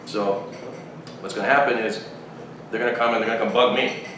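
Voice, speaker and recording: A man's voice: lowish voice, fairly even intonation, a little fast. A man hosting a podcast, telling a long story in rambling casual chat with frequent restarts. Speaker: podcast host. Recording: very echoey room, distant mic, faint noise.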